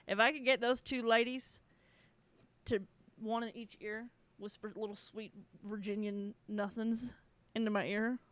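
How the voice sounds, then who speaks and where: A woman's voice: a little high, fairly even intonation, a little slow, fairly bright tone, dry recording. A woman hosting a casual solo podcast, gushing, swearing freely and laughing often. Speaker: podcast host.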